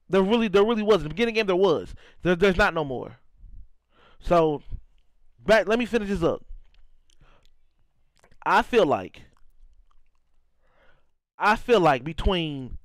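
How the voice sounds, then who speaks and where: In a high-pitched voice, a young St. Louis gaming streamer keeps up casual, repetitive live-stream chatter, reacting to chat and frequently tossing in "you know what I'm saying." The recording is dry and rough.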